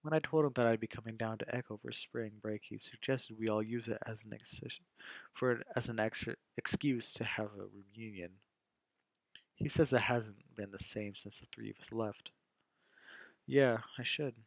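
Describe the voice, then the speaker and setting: A man's voice: fairly low pitch, steady tone, normal speed, creaky, no echo. A young man narrating a visual novel in first person, reading casually and often stumbling and restarting lines.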